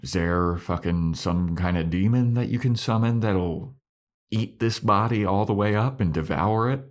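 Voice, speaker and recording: A man's voice: lowish voice, moderate pace, natural voice. A man voicing Warren, a cold-blooded, bossy young male villain who barks orders in a podcast retelling. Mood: scheming.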